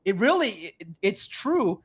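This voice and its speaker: A man's voice: high voice, big pitch swings, unhurried, breathy edge. A man in his forties, a sports writer guest, making his point emphatically and repetitively in a heated sports debate. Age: 40s.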